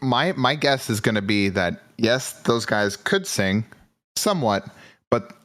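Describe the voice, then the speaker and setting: A man co-hosting a casual music podcast, rambling with halting restarts. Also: mid-range voice, animated, fairly bright tone. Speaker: podcast co-host. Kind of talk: casual chat. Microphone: headphones, remote call.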